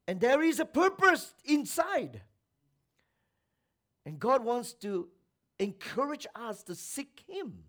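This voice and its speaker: Male preacher, high voice, slow deliberate delivery, dramatic shifts between loud and hushed. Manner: dramatic swings from loud preaching to near-whisper. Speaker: pastor. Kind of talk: sermon.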